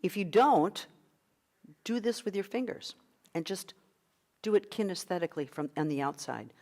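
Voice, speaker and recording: A woman's voice: on the low side, expressive, moderate pace, darkish tone. A middle-aged woman leading an online vocal workshop as a coach, guiding breathing exercises in an encouraging manner. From United States.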